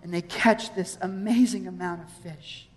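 A woman preaching a sermon in a conversational, animated way, reading verses and acting out scenes. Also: fairly low pitch, moderate pace. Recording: long hall reverb.

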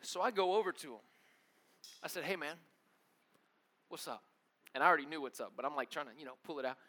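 A young man preaching a sermon as a story, acting out the dialogue in an animated way. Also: fairly high pitch, very fast. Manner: animated, acts out dialogue, laughs often.

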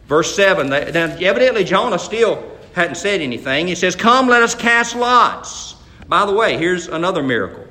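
A man preaching a folksy sermon, stammering into restarts and loudly acting out the people in the story. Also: high-pitched, animated, moderate pace, reverberant. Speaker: pastor.

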